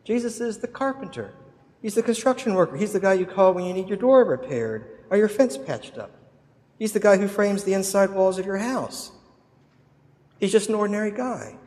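A man's voice: sits high, expressive, normal speed, darkish tone, in a large hall. A man preaching a sermon, telling a story dramatically. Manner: dramatic storytelling with acted quotes. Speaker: pastor.

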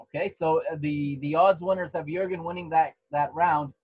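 A man co-hosting a podcast, giving relaxed play-by-play of a fight with restarts and chuckles. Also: on the high side, moderate pace, phone-quality sound, a little hiss or hum. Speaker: podcast co-host commentating a fight. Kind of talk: casual live fight commentary. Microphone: home microphone.

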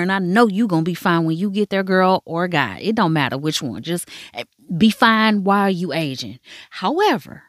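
On a dry, studio-quality recording, a female podcast host with a fairly low voice recaps a drama in a casual way. Her storytelling is frank, chatty, and full of profanity, with playful asides aimed at listeners.

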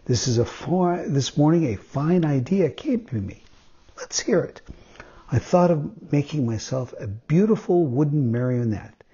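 A man's voice: on the high side, lively intonation, a little slow, dark tone, slightly rough, heavily acted. A man reading a storybook aloud, voicing a testy little old male woodcarver in a quarrelsome, pleading way. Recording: dull lo-fi sound.

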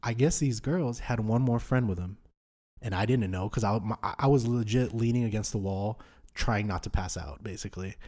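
A young man in his twenties on a podcast, telling a drunk night-out story in animated, slangy chat full of swearing. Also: fairly low pitch, moderate pace. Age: 20s. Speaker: podcast host.

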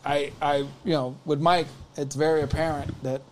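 A man's voice: a little high, moderate pace, a little hiss or hum. A man casually telling a long story, rambling and acting out what people said. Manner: rambling, animated, acts out quotes. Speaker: podcast guest telling stories.

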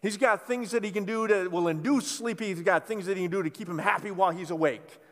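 A man preaching a sermon, telling a story with animated delivery and playful asides. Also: sits high, fairly quick, in a large hall. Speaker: pastor.

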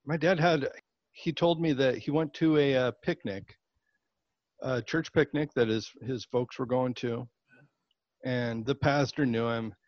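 A man's voice: mid-range voice, measured pace, no echo, lo-fi sound. A man hosting a conversational interview, affirming his guest and retelling a short family story.

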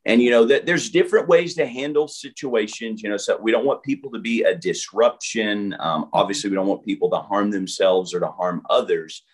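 In an interview, a male pastor gives a storytelling testimony, recounting an event with animated energy, lots of fillers and restarts, and acted-out dialogue. His fairly low voice is husky, and he talks a little fast with few pauses.

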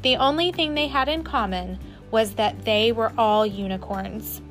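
A woman teacher reading a children's book aloud with expressive delivery. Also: fairly high pitch, measured pace, hardly any pauses, soft background music. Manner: warm, expressive.

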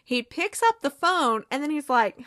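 A woman's voice: high voice, expressive, moderate pace, a bit bright, no room sound, studio quality. A woman hosting a casual TV recap, retelling scenes with quoted lines and frequent laughs. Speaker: TV recap podcast host.

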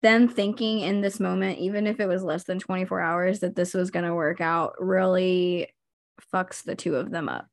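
A woman co-hosting a podcast, adding quick asides in casual chat about a TV show. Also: fairly low pitch, steady tone, no echo, studio quality. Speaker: podcast co-host.

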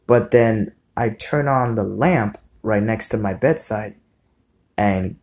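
A man's voice: on the low side, takes it slowly, darkish tone. A young man telling a casual storytime to his viewers, rambling and swearing with lots of fillers. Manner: rambling, profane, many fillers. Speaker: vlogger.

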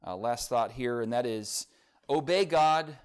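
A man's voice: mid-range voice, a little slow, clean tone. A middle-aged man, a pastor giving a sermon in a church in a conversational, folksy way, telling a humorous family story.

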